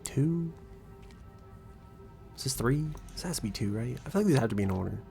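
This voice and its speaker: A man's voice: mid-range voice, lively intonation, a little fast, vocal fry, dark tone. A young man streaming a game, giving casual, profane, rambling and joking commentary. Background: faint background music.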